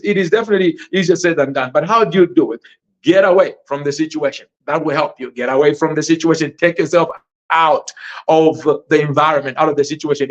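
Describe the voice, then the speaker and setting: Man, podcast host, preacherly, lively, numbered points, slightly high voice, muffled lo-fi audio. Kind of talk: motivational podcast talk. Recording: dull lo-fi sound.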